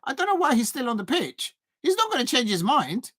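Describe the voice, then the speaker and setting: A man hosting a live football watch-along, chatting with viewers and getting excitable, even shouting, at big moments in the match. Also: very high-pitched, brisk, no echo. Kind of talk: live match reaction and chat.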